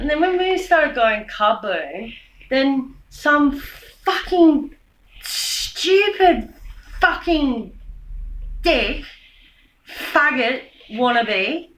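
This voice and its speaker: Bright, profane woman ranting in an echoey room. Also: sing-song, extremely slow. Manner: swearing, rambling, shifts from loud rants to low mutters. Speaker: vlogger giving a speech. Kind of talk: rambling profane monologue.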